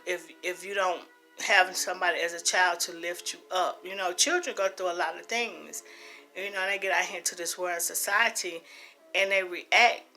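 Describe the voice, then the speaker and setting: A woman's voice: lowish voice, pushed and bright. A middle-aged woman talking earnestly and emphatically about her own life, repeating phrases for stress. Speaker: host. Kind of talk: personal testimony talk.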